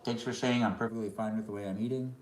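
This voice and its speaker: A man's voice: lowish voice, fairly even intonation, fast, a little mellow, echoey room, slight background noise. A man chatting casually on a live stream while eating dinner, reading and answering chat comments between bites. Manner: talks between bites of food.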